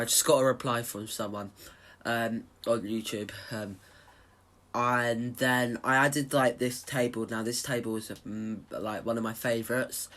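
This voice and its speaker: A man's voice: mid-range voice, steady tone, a little slow, fairly bright tone. A man chatting casually to viewers as he shows off a house he built in a game, rambling with lots of fillers and restarts. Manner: chatty and informal, speaking straight to viewers. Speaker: gaming YouTuber showing a house build.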